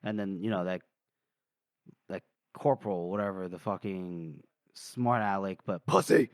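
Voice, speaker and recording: A young man co-hosts a podcast, speaking in a low, clear, resonant voice at a normal pace with no room sound. In casual chat he animatedly retells a book chapter, briefly acting out the characters' lines.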